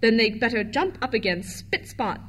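A woman voicing a stern, prim nanny with a crisp, clipped delivery. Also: fairly high pitch, animated, moderate pace, fairly bright tone, slight background noise.

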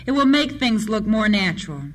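A storyteller voicing a bandit chief who speaks slowly and with command. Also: mid-range voice, animated, close to an everyday voice. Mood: measured. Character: calm bandit chief, a grown man.

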